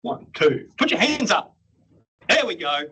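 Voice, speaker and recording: Australian man, nurse educator, husky, fairly high voice, blunt and chatty, muffled recording. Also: sing-song, a little slow, bright, forceful tone. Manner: chatty, blunt, acts out patient dialogue. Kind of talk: workshop teaching.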